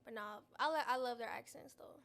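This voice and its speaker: A young woman from the southern United States co-hosting a podcast, easygoing and slangy, quick to laugh. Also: on the high side, gravelly, a bit bright. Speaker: podcast co-host. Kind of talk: casual chat.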